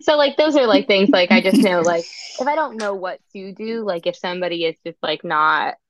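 A woman speech-language pathologist in casual podcast chat, an animated storyteller who says "like" often. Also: medium pitch, a little fast, highs cut off.

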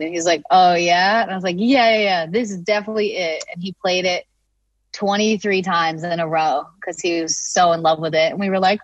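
A woman's voice: lowish voice, fairly even intonation, fairly quick, no room sound, lo-fi sound. A woman, a singer-songwriter, chatting casually and telling a story with lots of fillers, acting out the lines she quotes.

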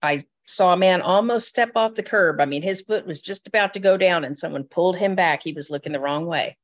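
A woman's voice: on the low side, a little fast. A woman, a travel advisor, chatting casually on a radio travel show and often repeating words as she thinks.

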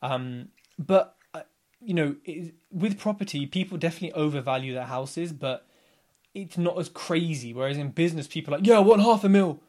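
Brief: man in his thirties, a podcast guest with a slightly higher voice, lively and chatty, acts out quotes. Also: moderate pace. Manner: animated storyteller, acts out others' lines. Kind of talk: casual podcast chat.

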